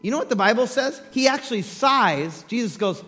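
A man preaching a sermon, telling scripture stories with animated acted-out voices and laughter. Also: very high voice, normal speed, hardly any pauses, in a large hall, faint music behind.

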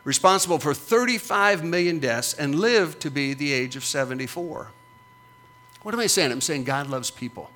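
Bright-voiced preaching pastor, man. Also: a little high, animated, normal speed, slight background noise. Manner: emphatic preaching with rising, punchy repetitions. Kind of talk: sermon.

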